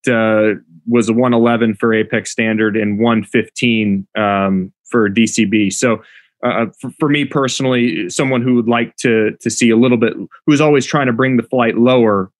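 A man with a mid-pitched voice speaks in a dry, close podcast recording with no room sound. He is the show's producer, working through launch and spin numbers in an analytical, conversational way. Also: dry recording. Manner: analytical, reading out club data. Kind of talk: casual podcast discussion.

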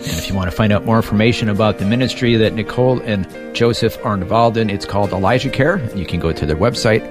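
Male radio host, lowish voice, gentle, with music underneath. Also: fast talker. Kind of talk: radio interview. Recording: radio studio with music bed.

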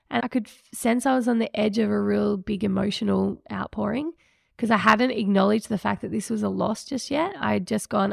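Gravelly-voiced woman telling her story. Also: medium pitch, fairly quick, dry recording, studio quality. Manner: candid, emotional, reflective. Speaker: podcast host. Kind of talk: personal storytelling podcast.

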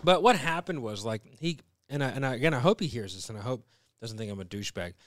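A man's voice: mid-range voice, animated, fast, a bit bright, no echo. A man in casual conversation, retelling a story bluntly with lots of swearing. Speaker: podcast co-host. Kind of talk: casual chat.

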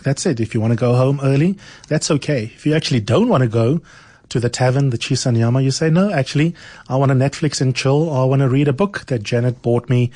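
A man's voice: medium pitch, warm tone, no echo. Man hosting a studio radio interview. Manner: measured, probing questions. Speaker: radio host.

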